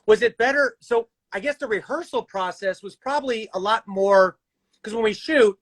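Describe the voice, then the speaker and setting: Upbeat higher-voiced man hosting from home. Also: moderate pace. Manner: upbeat, reads viewer comments aloud, laughs often. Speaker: live stream host and actor. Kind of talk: casual live stream chat. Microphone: phone on a live stream.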